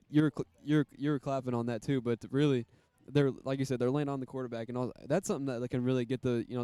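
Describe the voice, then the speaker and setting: A man commentating a school football game with a smooth, warm voice. He keeps his pitch fairly level and talks casually, leaning on fillers as he follows each play. The sound is dry and close. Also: no echo.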